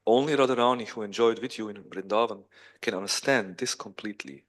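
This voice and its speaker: A man's voice: on the low side, a little fast, natural voice. A man voicing a tearful, devoted queen who pleads earnestly with her lord. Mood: earnest pleading.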